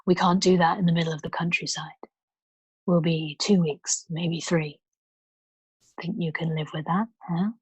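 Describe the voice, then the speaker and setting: A woman voicing an insolent, laid-back male river traveller who talks low and dismissively, half whispering. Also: steady tone, moderate pace, long pauses, slightly rough, no echo.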